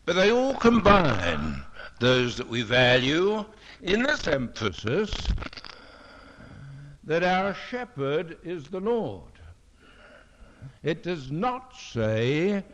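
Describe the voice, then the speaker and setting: An older man, preaching a sermon at a fellowship meeting and reading scripture in a slow, deliberate, emphatic way. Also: a little high, huge pitch swings, fairly bright tone. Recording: dull lo-fi recording.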